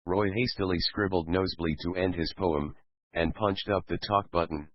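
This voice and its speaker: Deep-voiced man reading a story. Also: fairly even intonation, normal speed, dry recording. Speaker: narrator. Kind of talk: reading a fan fiction story aloud. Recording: dull lo-fi recording.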